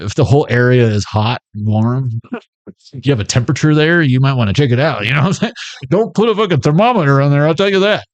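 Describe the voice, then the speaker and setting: A man's voice: mid-range voice, darkish tone, dry recording, lo-fi sound. A man giving a casual tarot reading, rambling and cursing as he jokes and laughs at his own lines. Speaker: tarot reader.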